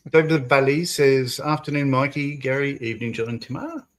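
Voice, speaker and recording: A man's voice: mid-range voice, expressive, normal speed. A man on a live model-building panel, reading out chat comments and laughing along. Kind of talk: casual live-stream chat.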